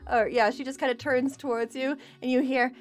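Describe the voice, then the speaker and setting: A woman's voice: high voice, fairly even intonation, brisk, soft background music. A woman narrating as game master, rambling and laughing, often restarting her sentences.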